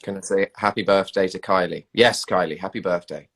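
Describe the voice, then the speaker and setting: A man's voice: deep voice, fairly even intonation, brisk, a bit bright. A man, chatting casually on a livestream and answering viewer comments. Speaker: livestream host reading comments. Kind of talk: casual chat.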